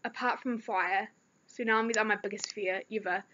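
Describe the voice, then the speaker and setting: A woman's voice: medium pitch, steady tone, normal speed, bright, forceful tone. A teenage girl with a New Zealand accent, rambling through a story in a chatty vlog with lots of fillers. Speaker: vlogger. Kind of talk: casual chat. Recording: dull lo-fi recording.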